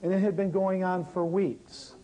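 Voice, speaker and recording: Man, fairly high mellow voice, workshop teacher who tells stories and talks straight to the room. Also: normal speed, rough recording. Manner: lively, talks straight to the audience. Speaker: natural healing teacher. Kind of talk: live workshop storytelling.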